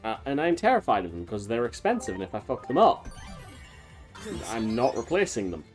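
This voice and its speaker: A male streamer giving casual let's-play commentary at a mid-range pitch, drifting into long tangents packed with ums and uhs. Game music plays faintly behind him. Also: big pitch swings, a little fast. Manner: rambling, talks in long tangents with many fillers.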